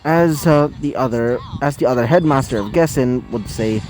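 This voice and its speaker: A man narrating a fan story off the cuff, halting with many fillers and restarts. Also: medium pitch, a little mellow, soft background music, poor audio.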